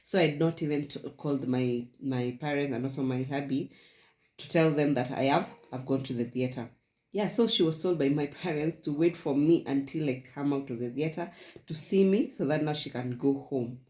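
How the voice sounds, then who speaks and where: A woman's voice: low voice, normal speed, warm tone. A young woman, telling her own story in a casual vlog, rambling and repeating herself with frequent laughs. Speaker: vlogger. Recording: echoey room.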